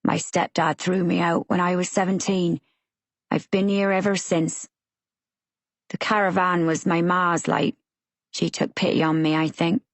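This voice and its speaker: A woman voicing a big, simple man with a thick West Country accent who talks slowly and plainly. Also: lowish voice, flat delivery, dry recording. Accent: West Country English. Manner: slow, plain, rustic speech.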